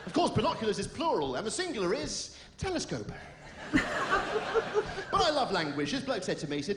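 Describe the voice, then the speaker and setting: A man performing stand-up comedy, rattling off deadpan one-liners and puns. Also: high voice, a little fast, echoey room, heavy background noise. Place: theater stage.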